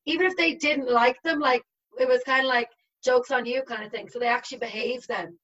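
A young woman in her twenties chats casually as a guest, her high voice steady in tone, a bit bright, and a little fast. She is talkative and packs her speech with fillers, and the lo-fi recording sounds slightly dull.

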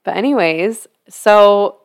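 A woman's voice: medium pitch, slow, clean tone. A young woman co-hosting a podcast in casual chat, answering often with "yeah" and leaning on "like". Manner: conversational, lots of "yeah" and "like". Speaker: podcast co-host.

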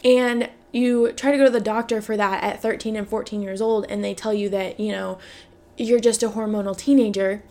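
A woman's voice: mid-range voice, fairly even intonation, normal speed, mellow. A woman in her twenties hosting a podcast, talking frankly about her own life, with many "like" fillers and free swearing. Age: 20s. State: has the hiccups. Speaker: podcast host. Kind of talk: candid personal monologue.

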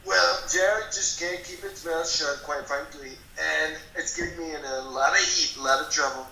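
A man's voice: fairly high pitch, fairly even intonation, moderate pace, vocal fry, sharp tone, slight background noise, heavily acted. A man doing an impression of a blustering, boastful older father who rambles and talks down to people. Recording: echoey room.

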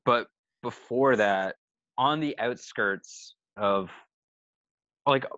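A man's mid-range, sharp-toned voice carries a tour story told by a touring musician on a casual podcast, heavy with swearing and laughter throughout. The sound is dull, without echo.

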